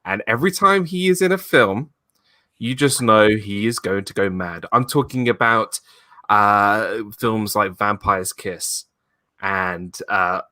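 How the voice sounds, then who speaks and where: A man hosting a casual live-stream chat over a video call, talking with enthusiasm and loudly acting out movie quotes. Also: lowish voice, no echo. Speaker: host.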